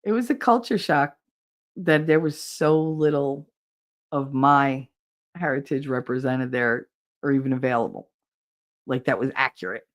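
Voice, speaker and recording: A woman from New Jersey with a New Jersey accent, hosting a podcast in casual chat, animated and exasperated, swearing freely. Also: rumbling low, measured pace, long pauses. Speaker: podcast host reading live chat.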